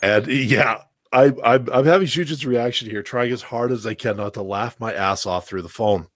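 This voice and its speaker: A man's voice: mid-range voice, moderate pace, fairly bright tone, no room sound, clean studio sound. A man raised in the American South, telling stories on a casual livestream chat, with a lot of stammered restarts.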